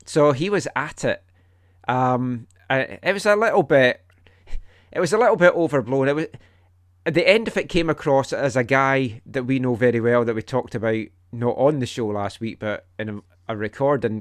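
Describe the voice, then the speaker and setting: A man hosting a casual podcast chat, animated, his voice jumping up high when he tells a story. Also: moderate pace, no room sound, studio quality. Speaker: podcast host.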